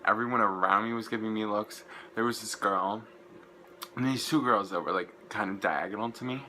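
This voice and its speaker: A young man, gushing and rambling through an excited casual vlog recap, full of "like" fillers. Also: lowish voice, moderate pace, a little hiss or hum, rough recording. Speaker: vlogger.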